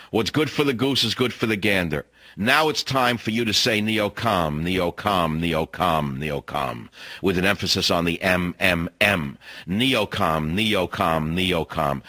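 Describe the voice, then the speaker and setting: A man's voice: fairly low pitch, sharp tone. A male radio talk show host in a ranting monologue, hectoring his listeners and hammering words by repeating them. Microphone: studio microphone.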